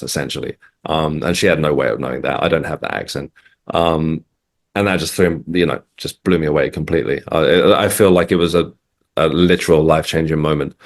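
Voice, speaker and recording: A man's voice: a bass voice, steady tone, fairly quick. A middle-aged man from England, a guest in a casual interview, recounting events with frequent hesitations and restarts. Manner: hesitant, restarts, many ums.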